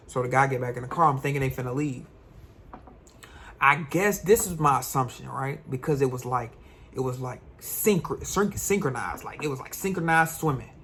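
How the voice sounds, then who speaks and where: A young man, a vlogger, tells a personal story in an animated, slangy way. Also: mid-range voice, moderate pace, a little hiss or hum. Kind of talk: storytime vlog.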